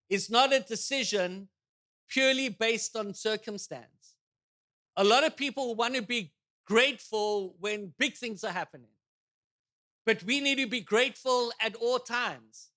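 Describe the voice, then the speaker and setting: A male pastor preaching a sermon in a church, animated and joking, with rhetorical questions to the congregation. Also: very high-pitched, a little slow, pauses often.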